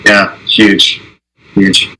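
Halting young man, bright voice. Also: lowish voice, flat delivery, a little hiss or hum, poor audio. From Israel. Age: young adult. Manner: halting, many restarts and "I mean". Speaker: guest, Olympic alpine skier. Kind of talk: casual interview chat.

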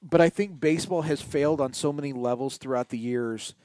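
A middle-aged man co-hosting a podcast, chatting casually about sports and telling stories with drawn-out, emphatic words. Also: mid-range voice, no room sound, clean studio sound. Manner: animated storyteller, stretches key words. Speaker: podcast co-host.

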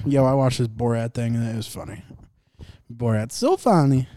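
A man's voice: medium pitch, moderate pace, darkish tone, slight background noise. A young man hosting a laid-back sports podcast, rambling, joking and swearing as he reacts to games. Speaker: podcast host. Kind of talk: casual sports chat.

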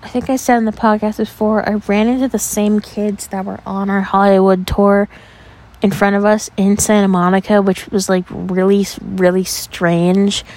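A young woman from New York tells stories on her podcast in a loose, chatty way. She peppers every sentence with "like" and lets the odd curse slip. Her delivery is animated and conversational. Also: mid-range voice, moderate pace. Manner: chatty, animated, heavy use of "like", casual swearing. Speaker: podcast host. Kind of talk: casual storytelling.

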